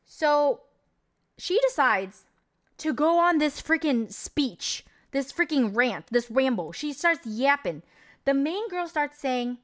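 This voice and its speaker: A woman's voice: sits high, sing-song, takes it slowly, fairly bright tone. A young adult woman streamer chatting casually, telling a long story in a rambling, incredulous way with lots of fillers. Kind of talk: casual stream chat recapping a movie.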